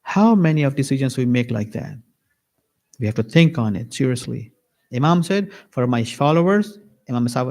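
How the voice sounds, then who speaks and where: Man preaching an animated sermon. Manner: animated, acts out little dialogues with varied pitch. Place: mosque lecture hall.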